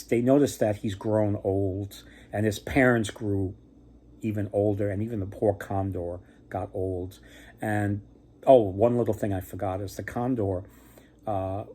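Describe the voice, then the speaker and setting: A man's voice: on the low side, mellow. A man hosting a casual myth retelling, rambling with lots of fillers and joking asides. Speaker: mythology storyteller host.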